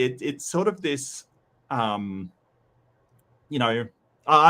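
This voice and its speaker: A man's voice: medium pitch, big pitch swings, measured pace, a bit bright. A man with a Western Australian accent, co-hosting a debate review in casual, rambling chat. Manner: rambling, many restarts and quoted asides.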